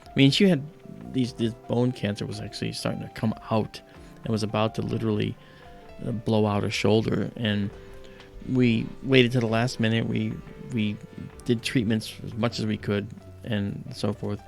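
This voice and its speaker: A man hosting a live stargazing stream, telling rambling, animated stories with many fillers and pauses. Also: on the low side, gravelly, faint music behind. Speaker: livestream host. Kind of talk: casual storytelling during a live stargazing stream.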